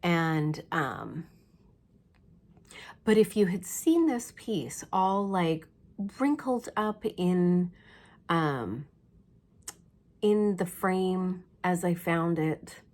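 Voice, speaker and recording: A woman's voice: fairly low pitch, expressive, drawn-out words, long pauses, a little mellow. A woman vlogger telling a story in casual chat, acting out her own reactions with lots of fillers. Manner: chatty with many fillers. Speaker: cross stitch vlogger.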